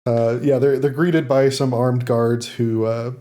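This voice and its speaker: A man's voice: mid-range voice, steady tone, measured pace, mellow. A man hosting a podcast, casually recapping a TV episode with frequent fillers and laughs. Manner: recaps plot loosely with many fillers and laughs. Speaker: podcast host summarizing an episode.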